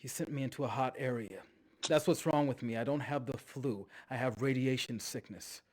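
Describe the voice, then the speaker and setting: A man's voice: mid-range voice, moderate pace, a little mellow, lightly acted. An actor playing an unwell male forensics worker in a game. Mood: upset.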